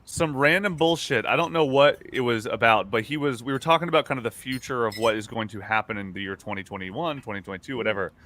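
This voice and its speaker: A man's voice: mid-range voice, quick pace, few pauses, pushed and bright, a little hiss or hum. A man co-hosting a podcast in casual, rambling, joking chat over a video call. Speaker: podcast co-host.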